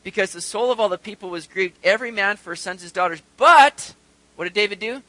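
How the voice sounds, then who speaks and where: A man preaching a sermon, reading scripture aloud and swinging between quiet earnest talk and loud urgent bursts. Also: high-pitched, brisk, dry recording, rough recording. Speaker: pastor.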